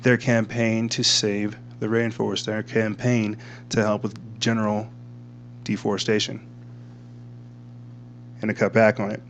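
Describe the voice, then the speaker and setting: A man's voice: on the low side, completely flat delivery, measured pace, pauses often, a little hiss or hum. A man hosting a talk show, commenting casually while reading from his screen, rambling and repeating himself with frequent laughs. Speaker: podcast host.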